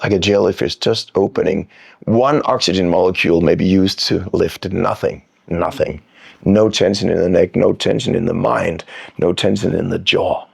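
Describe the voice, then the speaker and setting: A man coaching breath technique on a podcast, calm and demonstrative, drawing words out as he explains. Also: low-pitched, normal speed, vocal fry, breathy edge. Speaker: freediving coach, guest. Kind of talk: instructional podcast talk.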